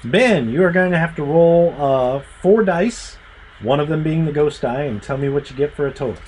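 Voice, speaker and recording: A man running a tabletop game as game master, narrating with animated storytelling and sound effects. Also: on the high side, moderate pace, slight background noise, low-quality recording.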